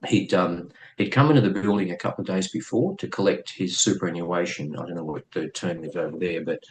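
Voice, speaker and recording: A middle-aged man with an Australian accent, telling a story as a podcast guest in a blunt, profane and lively way. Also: sits low, a little fast, a little hiss or hum, poor audio. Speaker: guest, former police officer.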